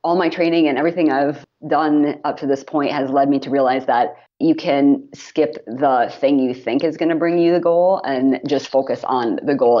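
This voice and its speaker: Low-voiced woman guest, muffled remote audio. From Wisconsin. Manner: warm, earnest, laughs often. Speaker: guest, mentor and coach. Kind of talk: podcast interview.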